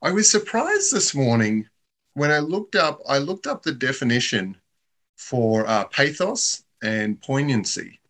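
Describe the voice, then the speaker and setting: A man's voice: mid-range voice, big pitch swings, measured pace, fairly bright tone. A man in reflective casual conversation, talking in a thoughtful, musing way.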